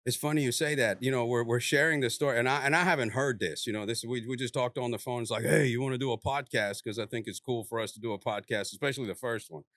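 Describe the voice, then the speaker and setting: A man's voice: mid-range voice, fast talker, few pauses, a bit bright, no room sound. A man in his forties, raised in Iran with Farsi as his first language, hosts a loose podcast chat with an easy, joking manner. He laughs readily and keeps tossing in asides like "you know what I'm saying". The room sound is dry and close. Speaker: podcast host. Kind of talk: casual podcast conversation.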